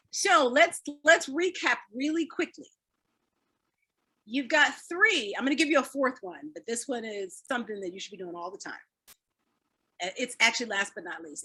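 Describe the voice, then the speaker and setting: A woman leading a laughter and stress-relief workshop, energetic and encouraging, laughing often as she explains. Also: high voice, slightly rough. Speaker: fitness speaker leading a wellness talk. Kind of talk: live online wellness workshop.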